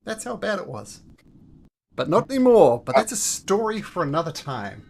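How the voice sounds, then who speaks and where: A man as game master, chatting and narrating a tabletop game with casual, animated storytelling. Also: a little high, normal speed, gravelly, breathy edge.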